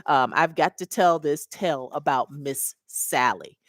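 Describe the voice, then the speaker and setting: A woman's voice: low-pitched, a little slow, no echo, studio quality. A middle-aged woman and mobile notary mentor, telling a story casually to her webcam and acting out the voices of the people in it.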